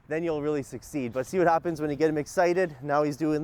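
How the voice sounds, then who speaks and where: Male dog trainer, casual lesson outdoors, slightly high-pitched, lively. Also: quick pace, hardly any pauses, clean tone, dry recording. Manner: lively, swings between upbeat and calm, barks short commands.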